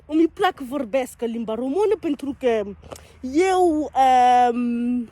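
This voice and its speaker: A woman's voice: sits high, expressive, slow pace, dark tone, no echo. A young French woman vlogging outdoors in a city, talking with a French accent, playful and teasing with big exaggerated reactions. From France. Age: young adult. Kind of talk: playful street vlog.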